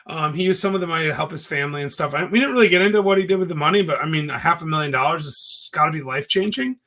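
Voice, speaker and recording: A man co-hosting a podcast, chatting casually and telling jokes in an animated way. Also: a little high, rapid-fire. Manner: joking, animated storyteller. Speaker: podcast co-host. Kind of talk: casual chat.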